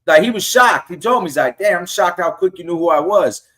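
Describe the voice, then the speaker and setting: A middle-aged man with a slightly high voice tells stories on a casual podcast. He jumps into quoted lines and voices the people he talks about. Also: normal speed. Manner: animated storyteller acting out quotes. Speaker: guest fan.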